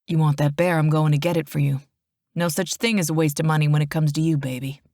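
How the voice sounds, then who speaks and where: A possessive young biker boyfriend, commanding and growly, rattles his lines off fast, read by a woman narrator. His voice sits lower than her own. The recording is dry and close. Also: level tone, darkish tone, no echo.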